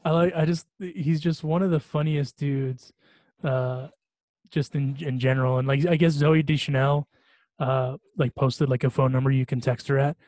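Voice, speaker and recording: A man hosting a podcast in relaxed chat, his voice sitting at an ordinary middle pitch. He rambles and restarts his sentences, laughing at his own stories. The sound is dry and close. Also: normal speed, no room sound. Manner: rambling, laughing often, many restarts and fillers. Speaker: podcast host. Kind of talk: casual chat.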